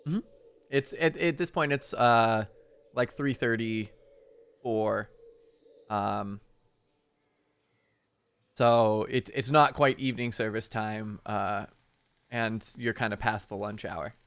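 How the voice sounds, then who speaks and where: A man's voice: lowish voice, fairly even intonation, takes it slowly, pauses often, fairly bright tone, clear, resonant tone. A man narrating as game master, casual and full of fillers.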